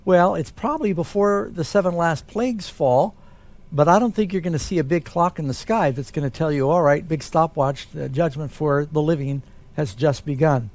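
A man, a pastor, answering Bible questions in a relaxed, conversational way. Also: fairly high pitch, normal speed.

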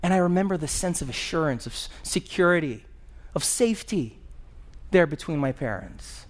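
A man's voice: a little high, lively intonation, moderate pace. A male pastor preaching a sermon in a conversational storytelling manner, with personal asides.

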